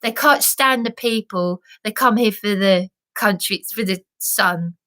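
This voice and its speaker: A woman's voice: unhurried, pushed and bright. An English woman in an emotional vlog monologue, agitated and rambling, swearing and repeating herself. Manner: mimics other people in high put-on voices. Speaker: vlogger.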